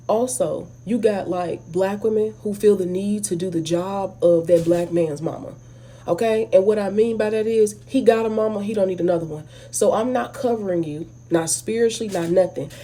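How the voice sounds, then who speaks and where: A woman with an African American English accent talks straight to her viewers in a casual movie review, blunt and animated. Her voice is husky and mellow. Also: mid-range voice. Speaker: video host.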